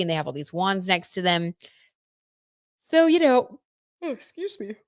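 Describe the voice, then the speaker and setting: A woman giving a casual live tarot reading in a chatty, excitable way, full of fillers. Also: fairly low pitch, dry recording, clean studio sound. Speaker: tarot reader.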